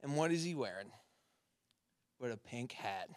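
A man, a guest comedian, chatting casually in an excitable way and saying dude and bro. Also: medium pitch, unhurried, no room sound, studio quality. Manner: excitable, laughs a lot, says dude and bro. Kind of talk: casual banter.

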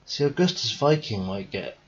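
A tired young man thinking out loud in a rambling, casual commentary as he plays a game. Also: lowish voice, very animated, normal speed, breathy edge, highs cut off. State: tired, yawning. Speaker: gaming video host. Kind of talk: casual let's-play commentary.

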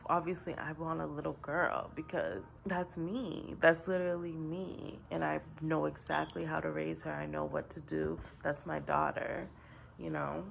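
Brief: young woman, vlogger, low and gravelly, blunt and profane, talking straight to a phone camera. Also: fairly bright tone, a little hiss or hum. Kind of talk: casual vlog rant.

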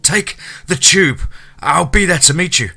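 A man's voice: on the high side, lively intonation, a little slow, creaky, bright, forceful tone, husky, voice pushed up, exaggerated voice. A man voicing a stressed young male detective in a horror story, urgent and breathless.

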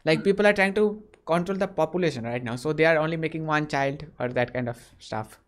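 A man's voice: fairly high pitch, fairly quick, a bit bright. A young man from India with an Indian accent, chatting casually with strangers on a video chat site, friendly, with frequent mm-hmms. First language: not English.

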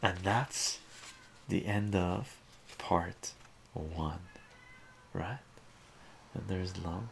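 A man's voice: sits low, drawn-out words, vocal fry, long pauses, slight background noise. A man casually narrating a comic book aloud in a chatty, amused way. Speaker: comic book reader, streamer.

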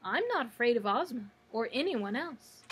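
A woman's voice: a little high, expressive, normal speed, a bit bright, slight background noise. A woman voicing a surly, defiant female kitten in a storybook read-aloud, with a sulky, snarling manner.

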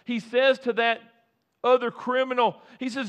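A middle-aged male pastor preaching a sermon, deliberate, with repeated phrases and dramatic pauses. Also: very high-pitched, little pitch movement, fairly bright tone, clear, resonant tone.

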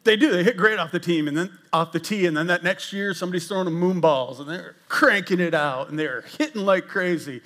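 In a church sanctuary, an older man serving as executive pastor preaches briskly in a high voice, barely pausing at all. His conversational sermon is jokey and self-deprecating, peppered with animated asides to the congregation.

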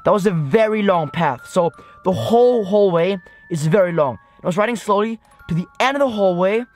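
High-voiced young man rambling excitedly. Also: moderate pace, soft background music. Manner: rambling, breathless storytelling with many "like" and "guys". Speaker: vlogger. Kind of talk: excited vlog recap to camera. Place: inside a car at night.

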